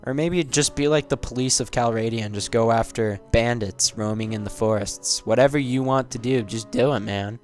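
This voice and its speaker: A man's voice: medium pitch, moderate pace, hardly any pauses, darkish tone, soft background music. A man giving casual game commentary, rambling and joking with plenty of swearing. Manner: rambling, jokey and profane. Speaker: game video essayist.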